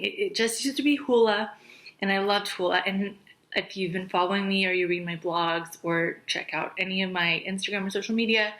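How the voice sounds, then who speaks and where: A woman's voice: on the low side, fairly bright tone, low-quality recording. A young woman, a makeup artist, chatting through a beauty review, a little out of breath, gushing and dropping to a whisper on what she loves. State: out of breath, pregnant. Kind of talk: casual beauty review chat.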